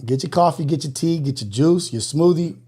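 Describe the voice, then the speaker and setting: A slightly high-voiced man hosts a morning show, out of breath as he chats casually with his viewers. He talks with lively exclamations and slips into preachy motivational encouragement. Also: brisk, slightly rough. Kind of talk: casual live call-in chat.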